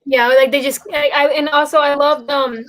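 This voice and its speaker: A woman's voice: sits high, steady tone, moderate pace. A woman hosting a casual chat about musicals, rambling with lots of fillers and restarts. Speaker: podcast host.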